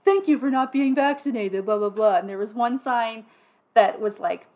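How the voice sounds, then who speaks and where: A woman's voice: on the high side, moderate pace. A woman co-hosting a podcast in casual chat, telling stories animatedly and acting out quotes with swearing. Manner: animated storyteller, acts out quotes loudly, swears. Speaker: podcast co-host. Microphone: podcast microphone.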